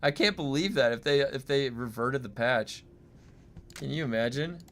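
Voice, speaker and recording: A man streaming a game live, thinking aloud and reacting excitedly, swearing when things break. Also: mid-range voice, normal speed, slight background noise. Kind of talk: live gameplay streaming commentary.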